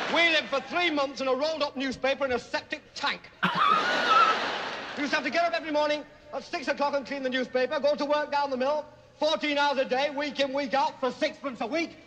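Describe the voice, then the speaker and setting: A man's voice: very high-pitched, wildly swooping pitch, moderate pace, noisy background, exaggerated voice. An actor playing a wealthy older Yorkshire man who brags about his poor childhood, laughing at his own stories in a Yorkshire accent. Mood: boastful.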